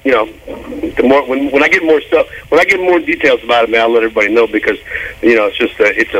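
A man in his fifties, a rock bassist telling stories on a radio interview, loose and animated, swearing casually and drawing out "man.". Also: lo-fi sound. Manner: animated storytelling, swearing, laughing, drawn-out "man". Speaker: guest musician.

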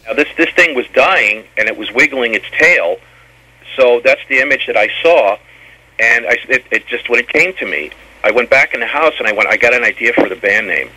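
A man's voice: mid-range voice, animated, brisk, sharp tone, low-quality recording. A man being interviewed about his old band, telling long stories in a rambling way and often stumbling and repeating words. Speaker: former band member guest. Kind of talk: storytelling interview.

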